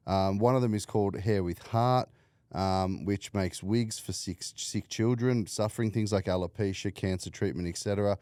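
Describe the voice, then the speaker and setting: A man's voice: lowish voice, moderate pace, dark tone, clean tone, no room sound. A man hosting a casual podcast interview, blunt, swearing freely and laughing a lot. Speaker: podcast host.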